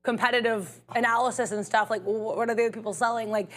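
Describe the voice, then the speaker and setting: A woman's voice: on the high side, fairly even intonation, fast talker. A woman co-hosting a live trading stream, talking casually and chattily with lots of filler words. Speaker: co-host. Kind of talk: casual market chat.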